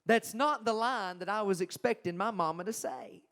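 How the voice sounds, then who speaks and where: A young man shares his testimony with a congregation, dramatic and emphatic. His voice sits a little high for a man and swings between loud bursts and near-whispers. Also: moderate pace. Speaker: Christian singer-songwriter giving his testimony. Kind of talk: personal testimony storytelling.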